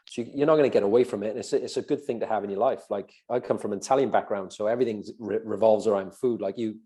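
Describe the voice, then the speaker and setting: A man's voice: on the low side, rapid-fire, warm tone. A Welsh man co-hosting a podcast, chatting loosely with lots of fillers. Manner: rambling, frequent "do you know what I mean". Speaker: podcast co-host. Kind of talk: casual podcast chat.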